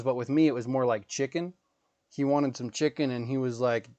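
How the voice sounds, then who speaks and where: A man's voice: mid-range voice, steady tone, moderate pace, warm tone, no room sound. Profane rambling man streamer, dry sound. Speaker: gaming livestreamer. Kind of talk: casual chat.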